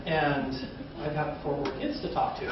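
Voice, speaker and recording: A man's voice: fairly high pitch, animated, measured pace, highs cut off. A man doing a stand-up comedy set in front of a live audience, telling self-deprecating stories and acting out bits of dialogue. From North Idaho. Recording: distant roomy live recording, audience noise.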